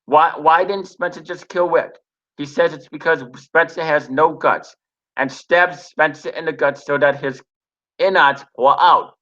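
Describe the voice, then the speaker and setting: Halting man on a dull lo-fi recording. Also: a little high, a bit bright. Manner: halting, frequent restarts and pauses. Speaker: TV episode reviewer. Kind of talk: reading a recap then casual review.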